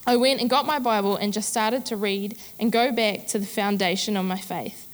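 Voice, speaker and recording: A woman's voice: mid-range voice, steady tone, normal speed, long reverb tail. A woman pastor giving a candid, chatty sermon with self-deprecating humor.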